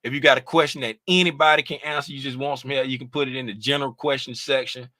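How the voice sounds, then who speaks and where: A man's voice: medium pitch, fairly even intonation, quick pace, pushed and bright, no room sound. A man hosting a casual livestream as a trading mentor, explaining things in a laid-back, rambling way with lots of "you know what I'm saying.".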